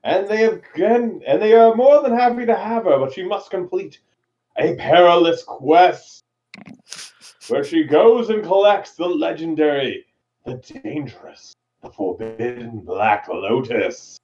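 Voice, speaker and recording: A man's voice: on the high side, lively intonation, unhurried, a little mellow. A man playing a tabletop game, speaking in a theatrical, grandiose way on a dull lo-fi mic. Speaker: player.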